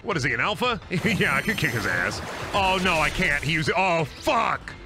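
A young man streams a video game, joking, rambling and swearing freely as he plays. His voice is on the high side, sing-song and brisk, with faint game music in the background.

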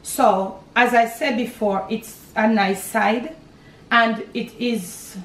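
A woman's voice: fairly high pitch, fairly even intonation, takes it slowly, a bit bright. An older woman with a Jamaican accent hosts a home cooking demonstration, chatty and homely, explaining each step as she works in her kitchen. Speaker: cooking show host.

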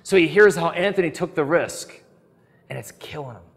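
A man giving a teaching lecture on scripture, telling a story earnestly and moving between emphatic and hushed delivery. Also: fairly high pitch, expressive, normal speed, in a large hall.

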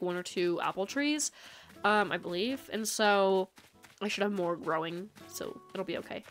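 A woman with a mid-range, fairly bright voice chats casually with her viewers while playing a game on a live stream. She rambles and talks a lot, speaking directly to chat.

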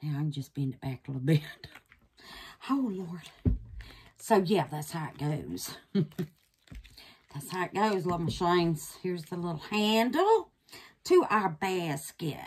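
A woman chats her way through a resin craft project and calls her viewers honey and babies. Her voice is husky and unhurried, and her pitch swings widely. She slips into hushed, nervous whispers now and then. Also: very animated. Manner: drops to nervous whispers while unmolding. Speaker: resin craft channel host. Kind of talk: casual crafting vlog.

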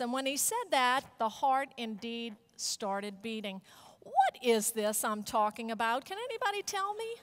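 A middle-aged woman giving a keynote talk at a conference, telling an animated story and leading the audience in call-and-response chants. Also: extremely high pitch, slow. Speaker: keynote speaker. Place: conference hall stage.

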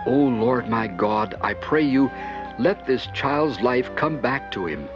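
A man voicing a kind old prophet in a storybook reading, speaking gently and earnestly. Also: mid-range voice, animated, slow, voice pushed up. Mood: prayerful. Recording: dull lo-fi with music behind.

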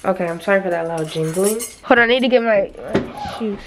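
Getting ready indoors at home, a vlogger with a mid-range voice talks casually and fairly quickly to camera, her intonation lively as she chats to herself. Background noise is audible.

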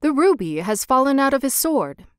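A man's voice: extremely high pitch, big pitch swings, normal speed, no room sound, studio quality, pitched above the performer's own voice. A woman voicing a pompous, self-important male town mayor in a storybook reading.

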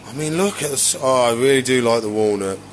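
Guy vlogging his reptiles, rambly and relaxed, mid pitched voice, bit of faint noise behind. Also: brisk. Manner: rambling, relaxed, many "so yeah" fillers. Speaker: exotic pet keeper and vlogger. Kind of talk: casual chat while showing animals.

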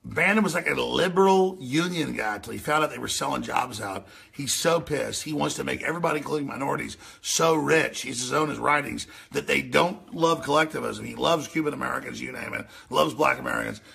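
A man hosting a radio show, ranting over news clips, excitable and yelling, with mocking impressions. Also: mid-range voice, fairly quick, few pauses. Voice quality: gravelly, raspy.

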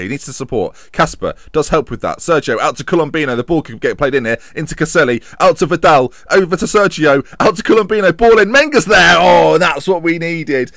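A young man commentating his own football management game, jokey and self-mocking, swinging between excitement and muttered asides. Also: on the high side, dry recording, clean studio sound. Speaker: gaming commentator. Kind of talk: casual gameplay commentary.

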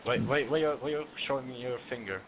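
A German man with a hesitant, halting way of talking, chatting with another player during an online game. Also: mid-range voice, a little hiss or hum, low-quality recording. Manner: hesitant, halting speech with restarts. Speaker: fellow player. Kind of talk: game voice chat.

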